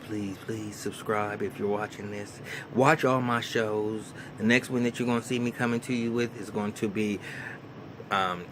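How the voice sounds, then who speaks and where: A man's voice: on the low side, noisy background. A man rambling through a casual recap of a reality show in a small room, repeating words and acting out quotes. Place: small hot room under a bright light.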